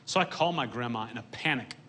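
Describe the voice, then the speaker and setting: Deadpan stand-up comedian, bright voice. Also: male voice, medium pitch, quick pace. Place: stage before a live audience.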